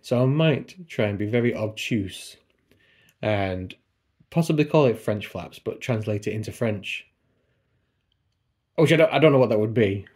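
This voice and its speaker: Man, low husky voice, chatty, digressive, self-mocking book vlogger at home. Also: expressive, normal speed, pauses often, a little mellow. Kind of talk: casual chat. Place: at home by a computer.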